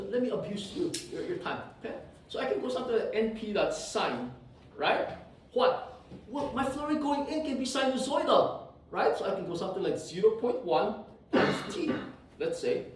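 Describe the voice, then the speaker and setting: A man teaching a class live and coding on screen, often stopping to ask whether the students are following. His voice sits a little high and jumps around a lot, with playful teasing. He sounds distant in a strongly echoing lecture hall. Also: slight background noise. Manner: animated, teasing, asks "did you see?" often.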